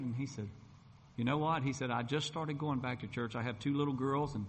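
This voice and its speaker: A middle-aged gospel singer and preacher shares his personal testimony in a folksy storytelling style, acting out the voices he quotes. His medium-pitched voice is brisk and steady, with long hall reverb and a little hiss or hum.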